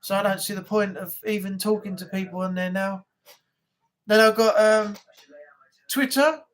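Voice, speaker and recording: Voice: mid-range voice, steady tone, normal speed, a bit bright. A livestream host, chatting casually and rambling through anecdotes, often laughing at their own stories. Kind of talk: casual live chat.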